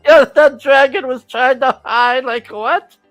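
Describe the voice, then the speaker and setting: A man's voice: very high voice, steady tone, slow pace, fairly bright tone, no room sound. A man chatting casually as host, laid-back and often stammering and restarting. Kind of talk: casual chat.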